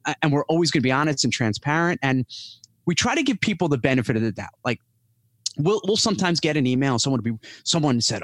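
A man guest on a podcast, talking casually and telling animated stories, acting out other people in raised voices. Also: mid-range voice, quick pace, no echo. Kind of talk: casual interview chat.

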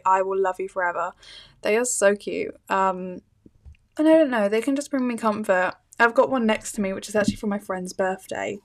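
A young woman from the UK with a British accent, hosting her own podcast episode in a casual, gushing solo chat full of fillers. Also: medium pitch. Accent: British English. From United Kingdom. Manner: chatty, gushing, many fillers and little laughs. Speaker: podcast host.

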